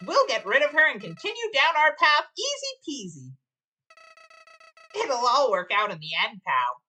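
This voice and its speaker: A woman's voice: high-pitched, huge pitch swings, unhurried, bright, forceful tone, faint music behind, pitched above the performer's own voice, heavily acted. Flowey, a smug sing-song flower, voiced by a woman. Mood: sly. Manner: gloating, sing-song taunting. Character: smug, mocking talking flower, male. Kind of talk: reading game dialogue on a stream.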